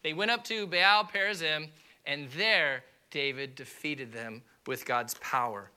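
A man preaching a sermon to a church congregation, telling a funny personal story with lively asides and impressions. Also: fairly high pitch, a little slow, clear, resonant tone. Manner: animated storytelling with comic impressions and audience asides. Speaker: pastor. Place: church auditorium.

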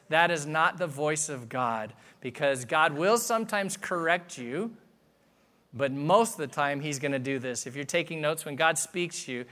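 A pastor delivers a sermon in a casual, conversational way, his voice pitched slightly high for a man. He puts questions directly to the congregation, then slows down to deliver firm, emphatic lines, shifting between soft and forceful.

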